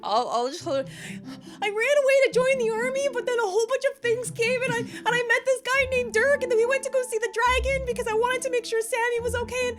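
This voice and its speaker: Woman playing her character, super high voice, rushing and teary, faint music. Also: flat delivery. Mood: tearful. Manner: emotional, rushed, near tears. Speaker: player. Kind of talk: in-character tabletop role-play.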